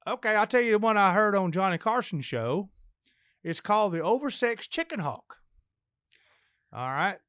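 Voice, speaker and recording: An older man tells long jokes as a podcast guest, rambling in a folksy way. His voice sits high for a man. It sounds dry and close. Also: big pitch swings, moderate pace, pauses often, a bit bright, smooth, dry recording. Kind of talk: folksy joke telling.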